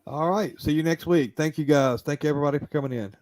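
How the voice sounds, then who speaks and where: A man's voice: a little high, fast talker, a little mellow, dry recording. A man with a Southern American accent hosting a casual live-stream chat, rambling with lots of restarts. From Southern United States. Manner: rambling, chatty, many restarts. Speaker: host.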